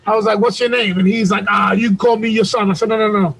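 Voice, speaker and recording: Husky high-voiced man telling a heated story. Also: steady tone, fast, a bit bright, rough recording. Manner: profane, heated retelling with acted-out quotes. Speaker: podcast co-host. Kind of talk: animated storytelling. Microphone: video call.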